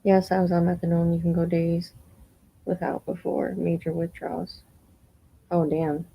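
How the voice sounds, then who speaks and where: A woman's voice: on the low side, level tone, normal speed, gravelly, husky, highs cut off. Incredulous woman, mocking reaction commentary. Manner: incredulous, mocking, swears casually. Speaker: streamer reacting to a clip.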